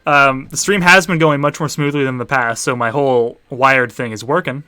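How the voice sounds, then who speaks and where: A man's voice: mid-range voice, steady tone, normal speed, sharp tone, clear, resonant tone, dry recording. A man, a teacher hosting a party game stream for students, chatting casually with dry offhand asides as he sets up rounds. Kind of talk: casual livestream chat.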